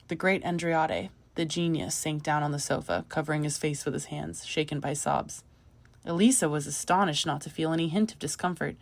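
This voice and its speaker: A woman narrating a short story audiobook in a measured, even manner. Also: sits low, gravelly, no echo.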